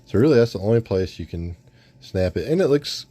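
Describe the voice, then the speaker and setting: A man casually reviewing an action figure, rambling in a relaxed way with frequent restarts. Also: fairly low pitch, brisk, breathy edge, dry recording. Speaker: toy reviewer.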